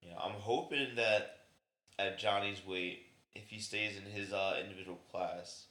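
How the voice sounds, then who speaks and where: A man's voice: on the low side, fairly even intonation, normal speed, bright, forceful tone, reverberant. A man chatting casually on a podcast, rambling and swearing freely as he reacts to a wrestling match. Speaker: podcast co-host. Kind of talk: casual chat.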